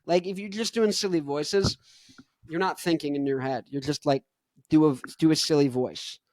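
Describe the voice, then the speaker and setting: A man's voice: on the high side, fairly even intonation, moderate pace, a little mellow, no echo. A young man hosting a show, chatting casually about singing technique in a rambling way full of fillers, with a stuffed-up nose. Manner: rambling, loose, many "like" fillers. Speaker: host.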